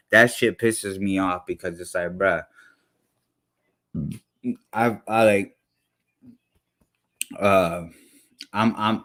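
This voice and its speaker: A young man with a deep, low voice rants on stream. He talks hotly and bluntly, packed with slang and restarts. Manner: heated, blunt, heavy slang. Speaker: commentary streamer. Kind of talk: profane reaction rant.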